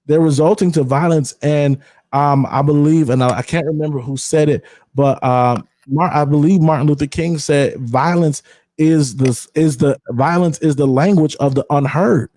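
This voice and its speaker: A man's voice: on the high side, steady tone, moderate pace, warm tone. Candid, emphatic man hosting a podcast. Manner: candid, emphatic, slangy, repeats words. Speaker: podcast host. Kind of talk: casual podcast conversation.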